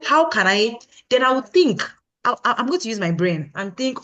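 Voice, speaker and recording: A woman's voice: on the high side, sing-song, moderate pace, a bit bright, lo-fi sound. A woman guest in an interview, a product consultant explaining her approach emphatically and often asking "you understand?". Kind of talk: casual interview answer.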